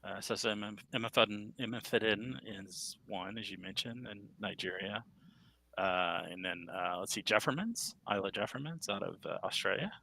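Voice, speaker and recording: A man co-hosting a casual sports podcast, speaking in a measured way and often trailing off softly at the ends of his remarks. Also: low-pitched, creaky, poor audio. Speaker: podcast co-host.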